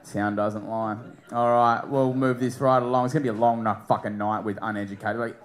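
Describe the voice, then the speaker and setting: A man's voice: on the low side, fairly even intonation, fairly quick. A man hosting a live comedy night, teasing the crowd with mocking banter before bringing on acts. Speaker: host. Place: comedy club stage with a live audience.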